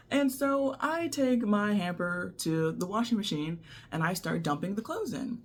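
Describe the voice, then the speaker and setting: A young woman telling a personal story to the camera in a casual, animated way, often laughing. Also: mid-range voice, a little slow. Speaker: vlogger.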